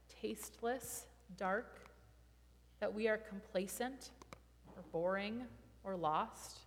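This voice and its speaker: A woman pastor delivers a sermon in a fairly high voice, slowing for emphasis and pausing deliberately on key words. Her voice carries the long reverb of a church sanctuary. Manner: measured, emphatic preaching with deliberate pauses.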